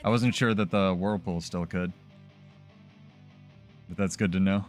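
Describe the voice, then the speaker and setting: A man's voice: low voice, fairly even intonation, a little slow, soft background music. A man talking casually as a streamer during live gameplay, loose and chatty with many fillers.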